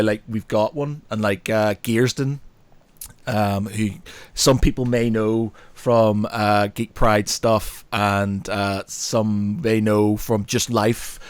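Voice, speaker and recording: A man hosting a casual podcast chat, animated, swearing and laughing often. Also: fairly low pitch, dry recording. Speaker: podcast host.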